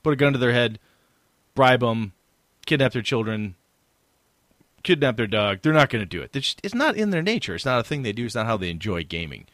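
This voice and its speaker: A man's voice: medium pitch, fairly quick, no room sound. A man co-hosting a tabletop gaming podcast, chatting casually and acting out what players and game masters might say. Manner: animated, acts out quoted players and game masters. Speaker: podcast co-host. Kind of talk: casual chat.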